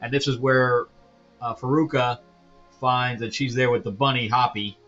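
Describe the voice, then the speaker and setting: A man's voice: medium pitch, steady tone, normal speed, fairly bright tone, dull audio, soft background music. A man hosting a casual comic book review, rambling with lots of fillers and chuckling asides.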